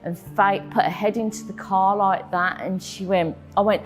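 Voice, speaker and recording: A woman tells her own story in an interview, halting and emotional, with frequent ums and repeated words. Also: medium pitch, fairly even intonation, faint music behind. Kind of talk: personal testimony in an interview.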